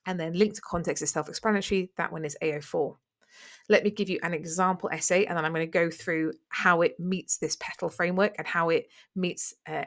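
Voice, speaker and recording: Encouraging woman teacher, low voice. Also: steady tone, a little fast, fairly bright tone. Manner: encouraging, explains step by step. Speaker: English teacher. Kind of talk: exam revision lesson.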